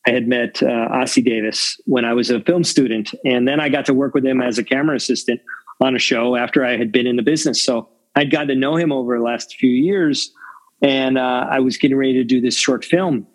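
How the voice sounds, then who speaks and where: A man's voice: medium pitch, steady tone, a little fast, low-quality recording. A man in his fifties, a longtime film crew veteran, giving candid, reflective interview answers full of fillers. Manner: reflective, rambling with many fillers.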